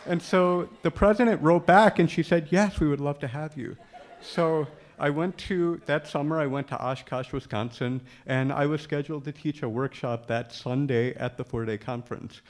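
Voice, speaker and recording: A man's voice: fairly high pitch, normal speed, a little hiss or hum. A man telling a funny personal story, acting out the lines of the people in it and laughing often. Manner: humorous storyteller, acts out dialogue. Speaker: speaker telling his story. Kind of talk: storytelling talk.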